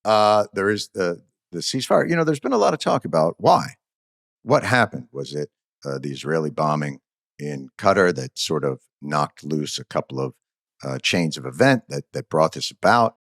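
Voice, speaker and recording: A man hosting a podcast, giving a sarcastic, mock-grand comic monologue with halting fillers. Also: rumbling low, very animated, vocal fry, fairly bright tone, no echo, clean studio sound. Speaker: host.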